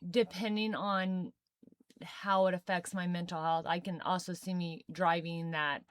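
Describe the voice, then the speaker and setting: A woman's voice: on the low side, level tone, unhurried, no room sound. A young woman co-hosting a podcast, chatting casually and laughing often. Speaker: podcast co-host. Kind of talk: casual chat.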